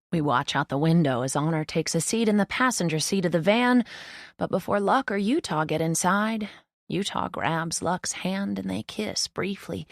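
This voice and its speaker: A woman reading a novel in the first person as an audiobook narrator, in an even, reflective way. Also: lowish voice, moderate pace, creaky, dry recording, clean studio sound.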